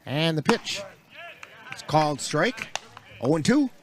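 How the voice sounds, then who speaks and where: A man calling baseball play-by-play for a local webcast, with relaxed, folksy asides between pitches. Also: slow pace, background noise. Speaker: play-by-play announcer.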